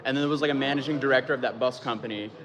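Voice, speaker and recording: A man's voice: mid-range voice, rapid-fire, a crowd in the background. Rambling man recapping a case. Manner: rambling, many fillers. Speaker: streamer covering a court case. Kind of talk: casual live-stream recap.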